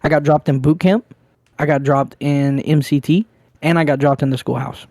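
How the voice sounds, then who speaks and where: A man's voice: fairly high pitch, steady tone, moderate pace, a little mellow, no room sound, clean studio sound. A young man co-hosting a podcast, telling crude, rambling stories in casual chat. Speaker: podcast co-host.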